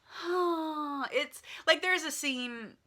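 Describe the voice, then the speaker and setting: A woman's voice: fairly low pitch, expressive, unhurried, pushed and bright. A woman casually retelling a movie's plot in a chatty, filler-heavy way, like talking to friends. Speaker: vlogger reviewing a movie.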